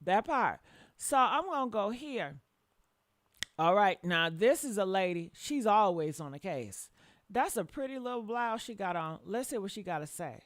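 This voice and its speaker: A woman hosting a reaction commentary with a hoarse voice, talking in a blunt, profane and preachy way. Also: mid-range voice, big pitch swings, moderate pace, no echo. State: hoarse from yelling. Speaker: commentary show host.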